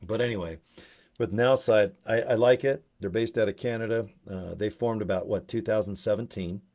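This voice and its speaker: Speaking at normal speed with a fairly low, darkish voice, a man in Utah jokes his way through a rambling video chat while promoting his network marketing business. He drifts onto tangents and puts on silly voices.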